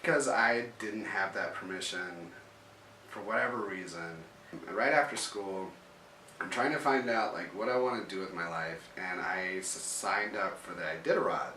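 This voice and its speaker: A man's voice: low voice, moderate pace, bright, forceful tone, slight background noise. A man telling a personal story in a casual, rambling way, full of "like" fillers and restarts. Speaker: interviewee telling his story. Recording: roomy echo, mic at a distance.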